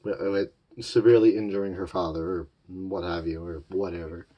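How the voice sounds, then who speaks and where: A man's voice: low voice, fairly even intonation, normal speed, lo-fi sound. A man giving a casual, rambling spoken review of a cartoon series, looping back on his points with loose fillers. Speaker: show reviewer.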